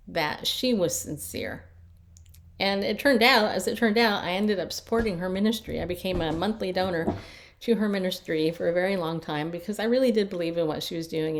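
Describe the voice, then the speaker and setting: A middle-aged woman life coach telling personal stories in a chatty, casual way, often repeating herself as she restarts. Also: fairly low pitch. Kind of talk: casual storytelling talk.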